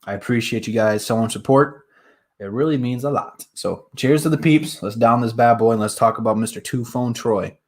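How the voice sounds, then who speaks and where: A man's voice: medium pitch, normal speed. A young man from the Detroit area hosting a casual sports live stream, talking straight to viewers in a hyped way with lots of fillers.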